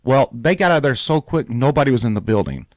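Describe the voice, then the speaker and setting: Male radio host, lively storyteller, dry close mic. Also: mid-range voice, fast, no room sound. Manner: animated storyteller, acts out quoted voices.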